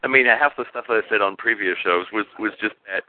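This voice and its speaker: Low-pitched male co-host, halting and self-correcting; dry tinny phone line. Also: dry recording. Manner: halting, stumbles and repeats words. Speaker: podcast co-host. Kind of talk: casual chat.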